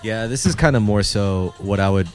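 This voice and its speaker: Low-ish guy on a podcast, swearing and rambling while reacting to videos, faint music behind. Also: moderate pace, darkish tone. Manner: loose, profane, wandering commentary. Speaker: podcast co-host. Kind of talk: casual chat while watching music videos.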